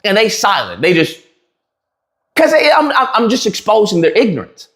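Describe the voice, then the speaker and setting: Man, heated mocking rant, high lively voice, roomy echo. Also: moderate pace. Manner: heated, mocking, laughs at own jabs, many fillers and restarts. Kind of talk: animated ranting recap to camera.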